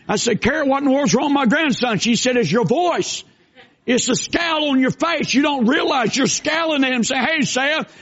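An older man preaching a sermon, with folksy asides and shouted bursts. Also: extremely high pitch. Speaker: pastor. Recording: dull lo-fi sound.

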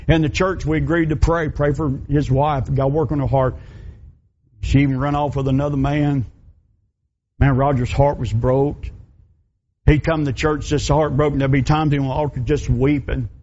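A man's voice: medium pitch, little pitch movement, normal speed, darkish tone. A middle-aged man, a pastor preaching and telling a story in folksy, emphatic, repeating phrases. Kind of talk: sermon storytelling. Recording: dull lo-fi recording.

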